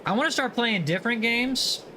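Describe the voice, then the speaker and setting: A man hosts a laid-back gaming livestream, reading viewer messages aloud and joking with them. His voice sits high with a bright, forward edge, and a faint hiss of noise runs underneath. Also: expressive, normal speed. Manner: playful, teasing, reads viewer messages aloud. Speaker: livestream host. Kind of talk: casual chat while gaming.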